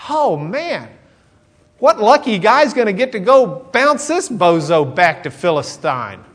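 A preacher acting out a brash young shepherd, cocky and incredulous, who can't believe nobody has stepped up yet. The voice jumps high above his usual pitch and comes out loud and eager. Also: big pitch swings, measured pace, exaggerated voice.

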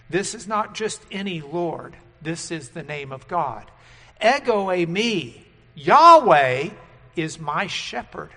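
Man, preacher, sermon, slow delivery, emphatic stresses, long hall reverb. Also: fairly high pitch. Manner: emphatic, rising to loud stresses on key words. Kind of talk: sermon teaching with a whiteboard.

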